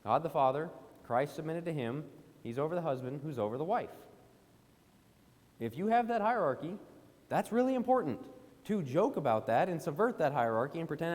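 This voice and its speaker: A man's voice: a little high, very animated, normal speed, a little mellow. Guy preaching a sermon, pretty emphatic, keeps firing off questions, voice rings around a big church room. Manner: emphatic, rising to indignant questions. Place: church auditorium. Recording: long hall reverb.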